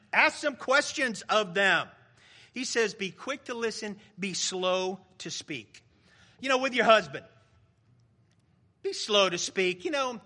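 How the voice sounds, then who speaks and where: High, bright-voiced man preaching. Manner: conversational, joking with the congregation. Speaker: pastor. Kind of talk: sermon.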